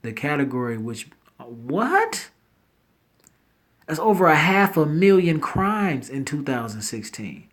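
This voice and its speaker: A man's voice: fairly high pitch, expressive, normal speed, few pauses. Rambling man reacting to headlines. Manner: reads headlines then reacts with loud disbelief; rambling, self-interrupting, slangy asides. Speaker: news commentary host. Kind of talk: casual commentary reading headlines aloud.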